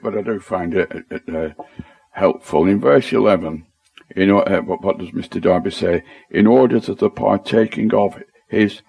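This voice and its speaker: A man with a Lancashire accent talks through word meanings in a relaxed Bible study discussion. His voice sits fairly low, and he sounds tentative and self-deprecating, often restarting his sentences. The sound is dry and close. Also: creaky, dry recording. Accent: Lancashire English.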